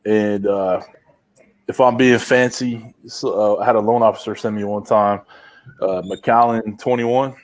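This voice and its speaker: Male guest, relaxed low-voiced casual talker on a livestream call. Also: measured pace. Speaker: guest on livestream, mortgage company worker. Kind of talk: casual chat.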